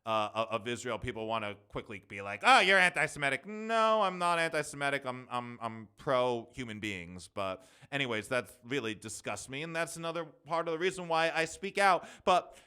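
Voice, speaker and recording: A young man hosting a solo podcast, talking fast and rambling with lots of fillers and restarts. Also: medium pitch, expressive, bright, forceful tone, smooth. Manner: fast, rambling, talks quickly with many fillers. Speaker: podcast host.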